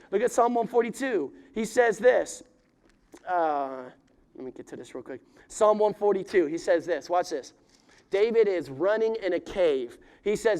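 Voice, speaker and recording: A pastor preaching to his congregation in a high, bright voice. He speaks to the room directly and acts out heartfelt prayers that climb into pleading cries. He then drops back to soft, earnest appeals. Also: expressive, normal speed. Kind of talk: sermon.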